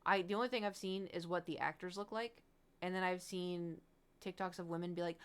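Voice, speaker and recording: Smooth-voiced woman streamer chatting candidly. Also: on the low side, steady tone, a little fast. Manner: rambling, candid, swears freely, laughs often. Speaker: livestreamer. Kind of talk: casual chat.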